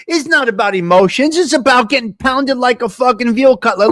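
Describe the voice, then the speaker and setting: A blunt, foul-mouthed New man holds forth on his live coffee-talk show, his voice pitched high for a man. The sound is close and dry, with no room echo. He rants in a loose, conversational way. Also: very animated, a little fast, hardly any pauses, fairly bright tone. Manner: blunt, profane, ranting. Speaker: host.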